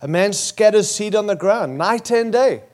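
A man's voice: sits high, lively intonation, normal speed. A man with an Australian accent preaching a sermon as pastor, emphatic and building to punchy repeated phrases.

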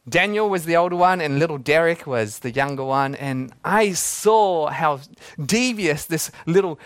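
A man's voice: sits high, dry recording. A man, preaching a sermon in a casual, joking way and laughing often. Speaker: pastor.

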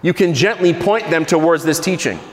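A male pastor delivers a sermon in a slightly high voice, slowing and sinking low on key words with dramatic pauses. The sound rings in a large hall with a long, echoing tail. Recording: echoey hall with long reverb.

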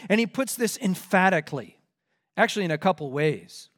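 A man's voice: high-pitched, lively intonation, a little fast, fairly bright tone. A man preaching an expository sermon verse by verse, talking in an earnest, emphatic way.

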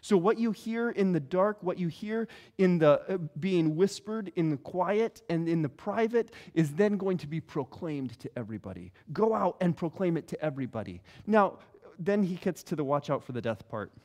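Middle-aged male pastor, high-pitched voice, lively storytelling sermon delivery. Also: normal speed. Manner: animated storytelling, acts out quoted voices.

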